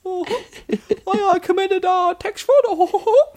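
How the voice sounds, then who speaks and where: A man voicing a squeaky cartoon mouse in a strained falsetto. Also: slow, a little mellow. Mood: giddy.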